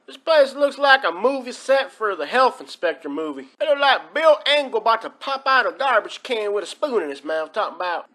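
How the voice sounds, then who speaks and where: A man's voice: extremely high pitch, big pitch swings, brisk, few pauses, pushed and bright. A man hosting a comedic countdown, talking in a rambling, folksy, exaggerated drawl. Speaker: host of a countdown video.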